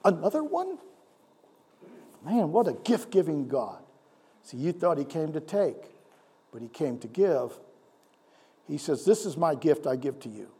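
A man pastor preaching a sermon, animated, asking the congregation rhetorical questions and swinging between loud and hushed delivery. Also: fairly high pitch, unhurried, pauses often, slightly rough.

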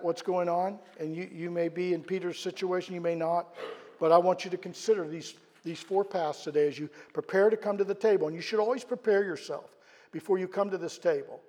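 A man delivers a sermon in a fairly high, mellow voice. He builds to loud, emphatic peaks, then drops low and quiet. His words ring out with a long reverb from the church sanctuary. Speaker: pastor.

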